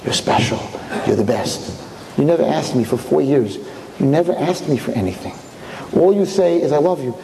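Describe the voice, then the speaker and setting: A man voicing a powerful, commanding king who speaks with booming emphasis. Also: animated, normal speed, gravelly, warm tone. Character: powerful male king, commanding yet tender. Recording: echoey hall.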